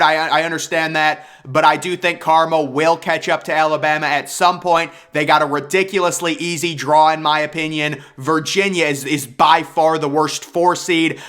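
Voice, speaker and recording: A young man with a slightly high, bright and forceful voice runs through his basketball bracket picks in a casual sports prediction vlog. He's playful and hyped, joking around as a self-proclaimed bracket expert.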